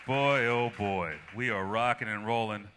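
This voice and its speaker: A man's voice: fairly low pitch, a little slow, noisy background. A man hosting a live comedy show at a small venue, upbeat and hyping up the crowd. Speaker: show host.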